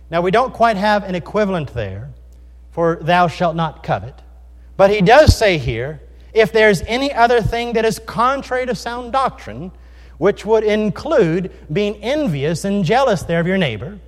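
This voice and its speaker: High-voiced preacher in a reverberant hall. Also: male voice. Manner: earnest, emphatic, rhetorical questions. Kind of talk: sermon.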